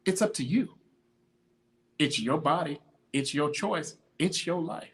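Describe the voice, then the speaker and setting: A man's voice: fairly high pitch, unhurried. A man hosting a podcast, giving an emphatic motivational talk on consistency in a slangy, repetitive, preachy way. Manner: greets viewers by name mid-talk. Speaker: podcast host, fitness motivator. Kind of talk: motivational monologue.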